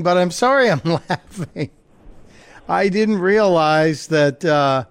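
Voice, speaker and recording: A talk radio host speaking in a casual, joking way into a studio microphone. His voice sits a little high for a man and comes across smooth and clear. The sound is close and dry. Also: dry recording. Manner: chatty, joking, laughs easily.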